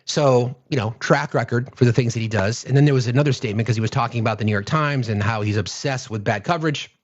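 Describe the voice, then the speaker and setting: A blunt, sarcastic man talks to his live-stream viewers in casual commentary and swears freely. His voice sits at a middling pitch. The audio is dull and lo-fi. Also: quick pace.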